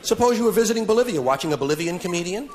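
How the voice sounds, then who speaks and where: Rapid-fire and expressive, this man in his forties delivers a stand-up routine onstage before an audience, sardonic with mock-solemn asides. His voice sits high with a slightly mellow quality, and the live recording is noisy.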